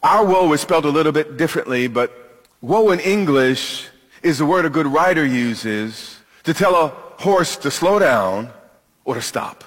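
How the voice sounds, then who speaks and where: A man preaching a sermon as pastor, emphatic, with dramatic pauses and questions to the congregation. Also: fairly high pitch, animated, breathy edge, long reverb tail.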